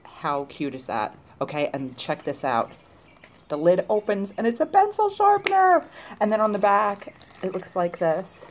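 A woman's voice: medium pitch, unhurried, a little hiss or hum. A woman chatting casually to camera in a shopping haul video, gushing over cute little items. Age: adult, grown woman. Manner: gushing, chatty, excited about cute things. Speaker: YouTuber showing a shopping haul.

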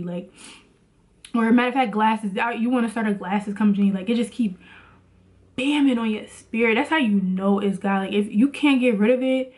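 A woman's voice: fairly high pitch, normal speed, a little mellow. A woman vlogging in a casual motivational talk about faith, chatty and preachy, with lots of "like".

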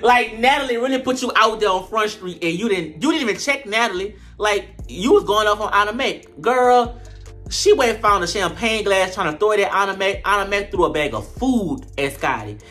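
Male comedic reviewer, high-pitched, sassy and profane, faint background music. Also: brisk. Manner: sassy, profane and animated, full of slang. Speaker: show reviewer. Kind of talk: comedic reality-TV recap.

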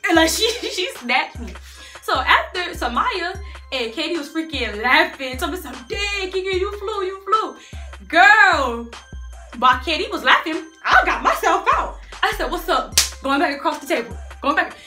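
Animated young woman telling a story. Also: high-pitched, normal speed, echoey room, soft background music. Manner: animated, slangy, addresses viewers as y'all. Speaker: vlogger. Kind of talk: storytime vlog.

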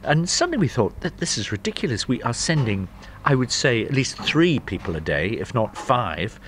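A middle-aged man, a smokery owner, telling his story in a lively, chatty way. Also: medium pitch, normal speed, slight background noise. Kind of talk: anecdotal storytelling.

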